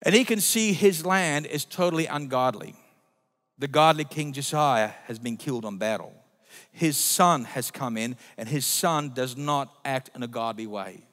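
A man preaching a sermon as pastor, emphatic, swinging between loud declarations and quiet asides. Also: mid-range voice, moderate pace. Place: church. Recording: long reverb of a church hall.

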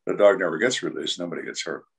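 Gravelly-toned older man telling blunt stories. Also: low voice, quick pace, a bit bright. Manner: blunt, dry, dramatic storytelling. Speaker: retired homicide detective, guest. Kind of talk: storytelling interview.

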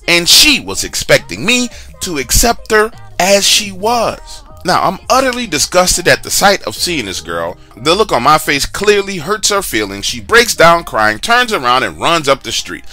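A man's voice: fairly high pitch, huge pitch swings, moderate pace, few pauses, bright, forceful tone, soft background music. A man casually telling a personal story, chatty and slangy, with asides to the listener. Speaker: storyteller sharing a true story.

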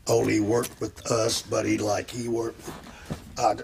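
A man's voice: fairly low pitch, monotone, unhurried, vocal fry, darkish tone, a little hiss or hum. A man telling rambling, profane stories as a guest in an interview. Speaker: interview guest, former tag team wrestler. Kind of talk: casual storytelling interview.

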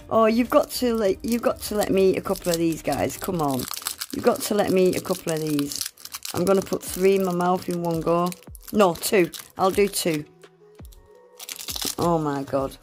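Slow-talking woman gasping over gifts. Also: medium pitch, darkish tone, soft background music. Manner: gasping, exclaiming, swears casually. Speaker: nail art vlogger. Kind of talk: casual unboxing vlog.

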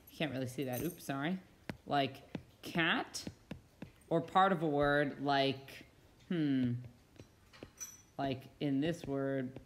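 A woman with a notably low voice walks through a phonics lesson over slides. She explains each point patiently and sounds words out slowly for young listeners. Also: slight background noise. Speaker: reading teacher.

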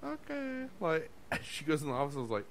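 A man's voice: medium pitch, racing, a little hiss or hum. A man co-hosting a podcast, telling a restaurant story in casual chat, swearing often, laughing, and acting out what people said. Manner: profane, laughing, acts out quotes. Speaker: podcast co-host.

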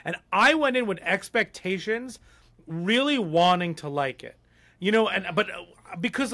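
Man, podcast co-host, casual chat, blunt, rambling with fillers, a bit higher voice. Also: expressive, normal speed, bright, forceful tone.

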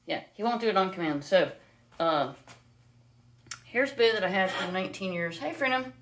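A woman from the United States, owner of a pet parrot, chatting casually on a live stream and often switching to a high, sing-song voice to coo at her bird. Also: animated, moderate pace.

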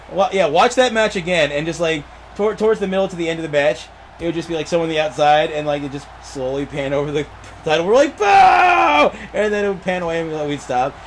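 A man's voice: a little high, fairly quick, a little hiss or hum. A young man giving casual, laughing play-by-play commentary on a wrestling video game.

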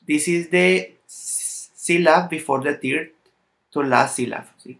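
A man with a Latin American Spanish accent, a native Spanish speaker, gives a language lesson in somewhat halting English and carefully sounds out example words one by one. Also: a little high, fairly bright tone. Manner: slightly halting non-native English phrasing. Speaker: language teacher.

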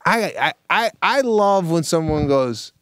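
A man's voice: a little high, lively intonation, fairly bright tone, clean tone, no echo. A man's voice swings up and down as he tells a story, pressing his points and checking in with "right?" He sits close to the mic in a dry, dead room. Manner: emphatic, drawn-out storytelling with frequent "right?". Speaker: podcast co-host. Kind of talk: casual chat.

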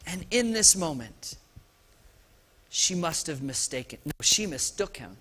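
A man preaching an Easter sermon as pastor of a church service, talking in a lively, conversational way with frequent restarts and asides. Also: on the high side, a little slow.

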